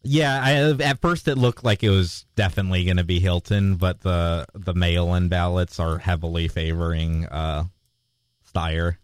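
A man's voice: sits low, steady tone, normal speed, clear, resonant tone, no echo. A man co-hosting a casual chat in a laid-back, agreeable way, often answering with short "yeah"s. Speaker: podcast co-host.

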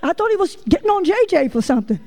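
A woman's voice: very high-pitched, racing. A woman preacher giving a sermon, telling folksy stories and calling out directly to her congregation. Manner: lively folksy storytelling, addresses the congregation directly.

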